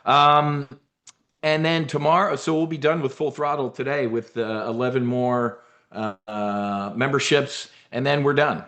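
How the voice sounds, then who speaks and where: A man's voice: mid-range voice, fairly even intonation, unhurried, fairly bright tone. Brash, blunt man hosting a trading webinar. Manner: brash, blunt, swears, talks in military slang. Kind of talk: casual live trading webinar.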